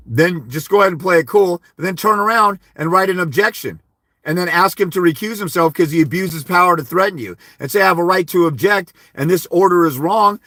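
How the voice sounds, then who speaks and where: A man's voice: sits high, pushed and bright, no room sound, studio quality. A blunt, profane man giving casual legal advice to fathers on a livestream, telling stories with quoted dialogue. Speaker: host of a fathers' rights livestream.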